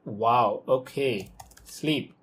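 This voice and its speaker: A young man casually talking through his coding workflow live at his computer, excitable and thinking aloud with frequent okays and ums. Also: mid-range voice, extremely slow. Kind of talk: casual live screen-recorded walkthrough.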